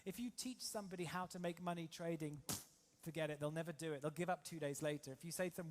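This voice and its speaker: A man from England giving an energetic motivational seminar to a live audience, quizzing the crowd with rhetorical questions. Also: on the high side, fast, slight background noise. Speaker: trading coach and seminar speaker.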